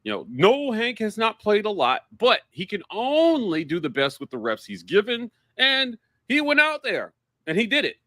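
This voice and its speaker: Excitable man talking sports, lively pitch. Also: normal speed, no room sound, clean studio sound. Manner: animated, excitable, jumps in often. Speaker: sports podcast co-host. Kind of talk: casual sports talk.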